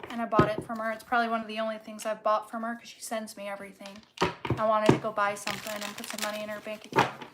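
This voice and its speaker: A woman's voice: medium pitch, completely flat delivery, fast talker, heavy background noise. A woman giving a casual tarot reading, blunt and emphatic, swearing freely and stretching out words for stress. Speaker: tarot reader.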